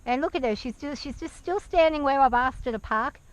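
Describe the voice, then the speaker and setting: Anxious woman on a horse, kinda high voice, hesitant, soft with the horse, outdoor action cam sound. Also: brisk. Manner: anxious, hesitant, soothing her horse softly. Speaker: nervous horse rider. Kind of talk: talking to camera while riding. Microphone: action camera worn by the rider. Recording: outdoor action-camera audio.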